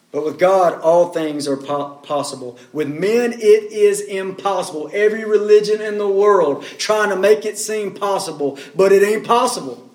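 A man's voice: sits high, moderate pace, few pauses, darkish tone. A man preaching a sermon, pressing his points with rhetorical questions and repeating key words. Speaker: pastor. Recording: roomy echo.

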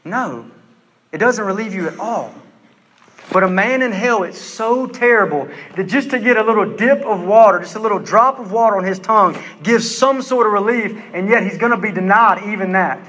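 Male preacher, high bright voice, intense emphatic sermon delivery, long hall reverb. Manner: intense, emphatic, slows down for stress.

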